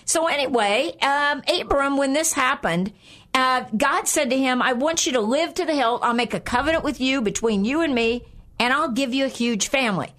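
Older female Bible-teaching co-host, slightly high voice, chatty, laughs. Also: moderate pace, a bit bright. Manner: chatty, laughing, with frequent okays. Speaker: co-host of a Christian program.

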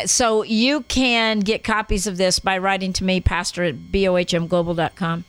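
A woman's voice: mid-range voice, fairly even intonation, normal speed, clear, resonant tone, dry recording, poor audio. A woman hosting a Christian radio show as a pastor, talking in an enthusiastic, encouraging way. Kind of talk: casual Christian radio talk.

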